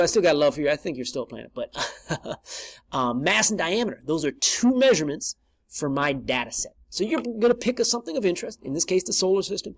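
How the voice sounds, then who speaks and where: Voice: mid-range voice, no room sound. A math instructor talking through a screen-recorded lesson in a casual, chatty way, often stopping to correct themselves.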